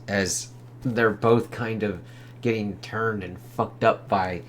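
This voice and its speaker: A man with a fairly low voice talks through a comic book page by page. His delivery is casual and rambling, full of swearing and excited reactions. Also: takes it slowly, a little hiss or hum. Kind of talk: casual review.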